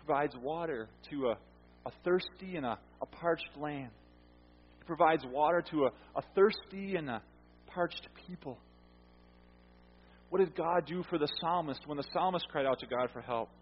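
A man preaching a sermon as pastor, earnest, repeating phrases for emphasis and letting his lines fall quiet at the ends. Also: a little high, moderate pace, soft background music. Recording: dull, echoey hall sound.

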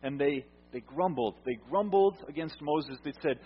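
Slightly rough and a little high, the pastor's voice moves at a moderate pace with hardly any pauses. He preaches in a conversational style, asking the congregation questions and repeating words, and the sound is muffled by a reverberant hall.

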